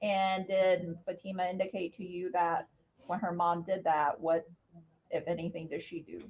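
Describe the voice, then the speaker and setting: A woman prosecutor questioning a witness in court, with methodical, measured questions. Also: lowish voice, level tone. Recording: dull lo-fi courtroom feed.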